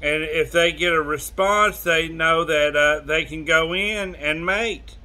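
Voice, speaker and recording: A calm, matter-of-fact tribesman, as a joke-teller puts him on, who explains things in a slow, unhurried way. The voice sits a touch high for a man. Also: full character voice.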